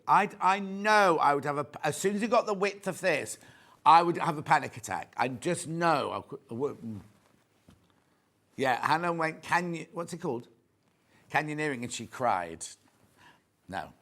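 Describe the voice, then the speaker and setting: In a TV studio, an English presenter runs a live shopping broadcast, joking around, reading viewers' messages aloud and displaying fabrics. His voice is on the high side, animated and creaky, a bit bright, at a moderate pace.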